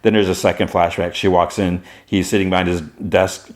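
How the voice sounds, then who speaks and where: Deep-voiced man casually recapping an episode. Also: level tone, normal speed. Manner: retells scenes in a chatty way, quoting characters with "he's like". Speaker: podcast host.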